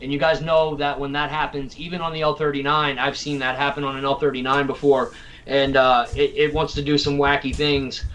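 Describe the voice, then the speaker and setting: A man's voice: mid-range voice, level tone, fairly quick, fairly bright tone. A man from Tennessee hosting a casual livestream chat, rambling and laughing as he repeats his words. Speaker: host.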